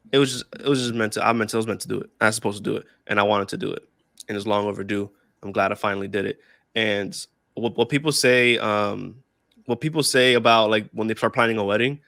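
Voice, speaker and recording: A man's voice: lowish voice, gravelly, fairly bright tone, dry recording, studio quality. A young man casually telling a story on a podcast, laughing often, swearing freely and repeating himself. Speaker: podcast co-host.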